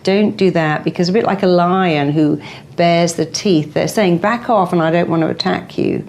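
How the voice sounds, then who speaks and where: A woman with a very low speaking voice gives motivational advice in an interview. She talks in a lively way and acts out the voices of the people she quotes. Her tone is that of a therapist sharing lessons. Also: normal speed.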